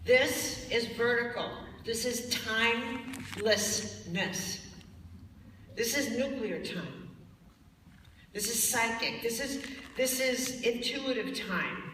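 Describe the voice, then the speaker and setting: A woman lectures a live audience, blunt and emphatic, and now and then she mocks the tones of voice people use. Her voice is bright and forceful. It is caught from a distance in a large hall with long reverb. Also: fairly high pitch, takes it slowly, slight background noise. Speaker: spiritual speaker. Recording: echoey hall from far off.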